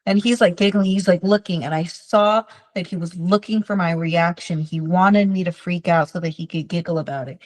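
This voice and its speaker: Female behavior specialist, lower pitch, casual storytelling with voiced-out quotes. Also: moderate pace, few pauses, low-quality recording. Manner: tells client stories, acting out quoted lines in a lively way. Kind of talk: conversational teaching with stories.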